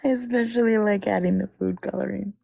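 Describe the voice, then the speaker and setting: A woman's voice: mid-range voice, fairly even intonation, brisk, vocal fry, mellow, dry recording, faint music behind. A woman co-hosting a casual live stream, easygoing and often laughing. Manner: giggly, easygoing. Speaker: co-host.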